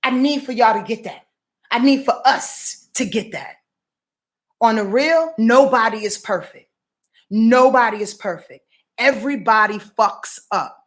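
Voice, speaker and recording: Late-40s New woman, high-pitched, emphatic profane astrologer with a repetitive preacher's cadence. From New York. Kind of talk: casual weekly astrology rundown.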